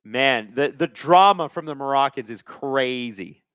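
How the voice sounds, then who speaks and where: A young man hosting a live watch-along, reacting to the game with sarcastic, excitable commentary. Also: medium pitch, measured pace, clean tone, no room sound, clean studio sound. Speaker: live stream host.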